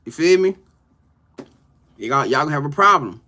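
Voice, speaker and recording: A man's voice: on the high side, animated, moderate pace, bright, forceful tone. A man doing a casual live-stream tarot reading, greeting viewers and laughing often. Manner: loose, slangy, greets chat viewers by name, laughs often.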